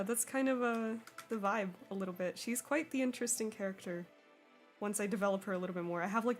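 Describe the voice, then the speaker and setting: A young woman with an American accent, chatting with her live-stream audience while she draws, bubbly and quick to laugh. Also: medium pitch. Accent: General American. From Sweden. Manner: bubbly, giggly, reads chat aloud. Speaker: artist streamer.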